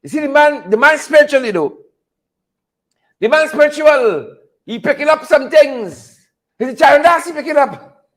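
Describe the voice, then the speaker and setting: A man's voice: very high-pitched, animated, moderate pace, long pauses. A man with a Guyanese accent hosting casual political commentary, repeating himself, chuckling and calling out viewers by name. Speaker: host of a political commentary show. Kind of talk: casual live commentary reading viewer names.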